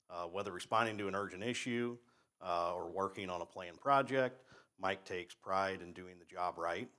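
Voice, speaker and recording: Deep-voiced man reading an award tribute. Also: fairly bright tone. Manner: reads deliberately with many "uh"s. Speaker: school official presenting an award. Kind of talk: prepared recognition speech. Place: school board meeting room.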